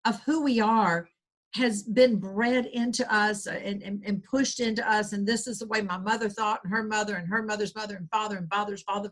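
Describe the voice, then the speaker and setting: A woman with a Southern US accent, a guest author talking earnestly in a rambling interview, with many restarts. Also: a little high. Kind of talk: conversational interview.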